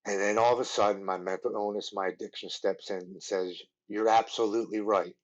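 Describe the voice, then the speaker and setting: A man in his forties, a podcast guest, telling his recovery story in an earnest, halting way with many restarts. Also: low-pitched, steady tone, highs cut off. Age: 40s.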